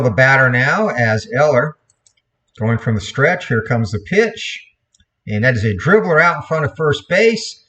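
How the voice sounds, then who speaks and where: A man calling play-by-play for a replayed computer baseball game, in a steady voice, correcting himself now and then. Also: mid-range voice. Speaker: play-by-play commentator.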